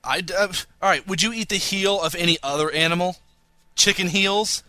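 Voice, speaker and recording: A man's voice: high voice, fairly quick, pushed and bright, dry recording. A young man co-hosting a casual comedy podcast, joking around and reading listener emails with mock drama. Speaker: podcast co-host.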